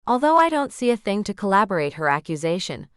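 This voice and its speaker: A woman's voice: mid-range voice, big pitch swings, fast, clean tone, no room sound, clean studio sound. Sweet-voiced woman with a Southern drawl. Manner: soft, sweet, soothing. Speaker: audiobook narrator. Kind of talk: scripted narration.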